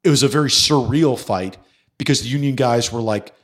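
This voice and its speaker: Middle-aged new guy, ex-cop, animated storyteller, does everyone's lines, cusses a lot, podcast mic. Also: mid-range voice, a little fast. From New York City. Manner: animated storyteller who acts out quotes, swears freely. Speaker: guest, former police detective and actor. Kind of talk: casual storytelling interview.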